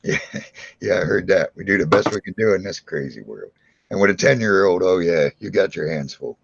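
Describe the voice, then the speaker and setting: A man with a low, raspy voice, chatting in a laid-back, agreeable way. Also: lively intonation, fairly quick, slight background noise. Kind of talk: casual chat. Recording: dull lo-fi sound.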